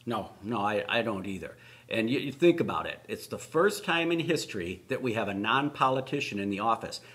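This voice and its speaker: A man's voice: lowish voice, sing-song, fairly quick, a bit bright. A man co-hosting a political talk show, indignant and mocking. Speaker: show co-host. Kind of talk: political commentary chat.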